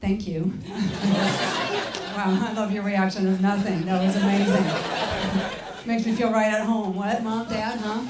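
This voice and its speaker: A woman's voice: medium pitch, level tone, measured pace. French woman doing stand-up in a club. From France. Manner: wry, teasing the audience, acts out voices. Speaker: stand-up comedian. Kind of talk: stand-up set. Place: comedy club stage. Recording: roomy club sound from a distance, crowd noise.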